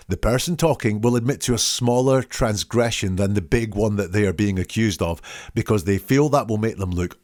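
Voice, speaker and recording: A man with a fairly low voice hosts a solo commentary, reading quoted sentences and then dissecting each word. The recording is close and dry with no room sound. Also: a little mellow, no room sound. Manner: analytical, reads quotes aloud and picks apart wording. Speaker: host analysing statements.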